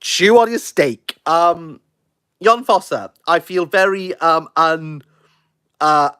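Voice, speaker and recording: A Welsh man, a book reviewer, reacting live with excitable, jokey, self-mocking chat. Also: on the high side, slow pace, smooth. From Wales.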